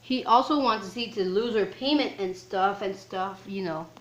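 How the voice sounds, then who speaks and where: An excitable woman talks through a film's plot in a loose, rambling recap, filling every gap with "like" and "um". Her voice sits at an ordinary middle pitch. The room around her adds a noticeable echo. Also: normal speed. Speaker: film reviewer. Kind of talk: casual film recap. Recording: roomy echo.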